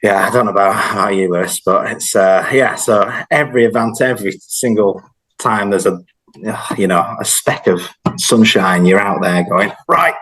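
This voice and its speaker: A man in his thirties from northern England chatting casually as a guest on a video call, relaxed and rambling with plenty of fillers. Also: on the low side, moderate pace, husky, poor audio. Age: 30s. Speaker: guest, host's childhood friend. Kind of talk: casual chat.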